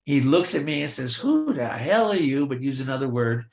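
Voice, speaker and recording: A man's voice: mid-range voice, moderate pace, gravelly. An older man tells stories from his years as a film extra, jumping into the quoted lines of bosses and colleagues with plenty of energy. His voice sits in a middle register. The recording has a noticeable room echo. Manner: lively anecdotes, acts out quoted dialogue. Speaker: guest, veteran film extra. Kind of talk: storytelling in a virtual Q&A. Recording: roomy echo.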